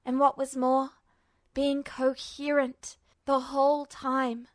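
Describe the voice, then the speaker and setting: A woman reading a fanfiction story aloud as a podfic, with steady, measured narration. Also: sits high, no echo. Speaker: podfic reader.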